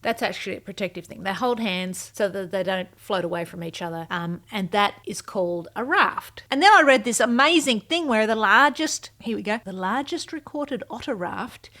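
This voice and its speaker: A woman's voice: mid-range voice, very animated, moderate pace, a bit bright. A woman who writes and vlogs, chatting casually and playfully about her writing and dropping little whispered asides. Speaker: writer and vlogger. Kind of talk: casual behind-the-scenes chat.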